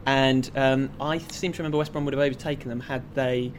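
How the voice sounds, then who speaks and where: Measured man reciting football stats. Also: mid-range voice, steady tone, slight background noise. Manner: measured, fact-filled. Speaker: podcast regular, stats expert. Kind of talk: casual football podcast chat. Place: café.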